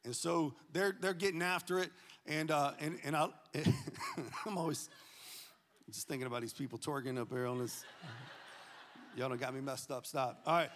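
A pastor preaching a sermon, animated and joking, swinging from loud to hushed. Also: male voice, on the high side, normal speed, in a large hall.

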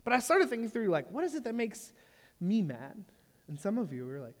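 A man's voice: high voice, fairly quick. A man in his thirties preaching a sermon, telling a story with humor and often checking in with "right?". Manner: animated, jokey storyteller who asks the room "right?". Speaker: pastor. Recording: long reverb of a large hall.

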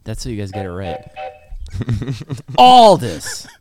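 A man co-hosts a casual podcast, joking with a very animated, swooping voice. Music plays clearly behind him. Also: lowish voice, takes it slowly. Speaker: co-host.

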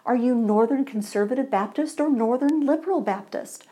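A woman voicing an excitable churchgoing man in a joke, gushing and rising into shrill delight. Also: normal speed, lightly acted. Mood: eager.

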